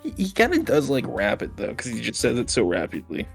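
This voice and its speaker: Gravelly, lively-voiced man chatting. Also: medium pitch, soft background music. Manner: laughs often, jokey, quick asides. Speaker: podcast co-host. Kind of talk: casual chat. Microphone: studio mic with pop filter.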